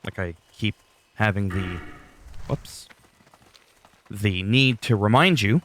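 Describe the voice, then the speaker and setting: A man's voice: on the low side, takes it slowly, a bit bright, slight background noise. A man giving casual, rambling gameplay commentary with dry sarcastic asides.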